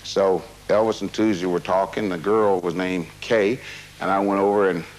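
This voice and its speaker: A man's voice: low-pitched, fairly even intonation, moderate pace, slight background noise, rough recording. A man being interviewed, recounting a personal memory in a rambling, casual way with many fillers and restarts. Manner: casual, drops "man" into his talk.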